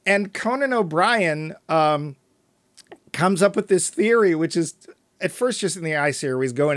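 A man co-hosting a casual podcast about a film, chatting and retelling its scenes in quick quoted asides. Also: on the high side, no echo. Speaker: podcast co-host.

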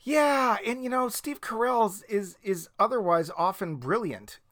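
Slightly high-voiced man in casual film chat. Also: animated, measured pace, a bit bright. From Boston area. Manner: chatty and joking, trails off into mumbles. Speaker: podcast co-host. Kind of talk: casual movie discussion.

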